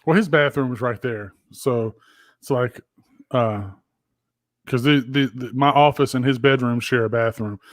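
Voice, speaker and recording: A middle-aged man co-hosting a podcast from his home office, telling crude stories in an animated, swearing way. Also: mid-range voice, unhurried, no echo. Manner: profane, animated storyteller. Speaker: podcast co-host. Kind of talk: casual chat.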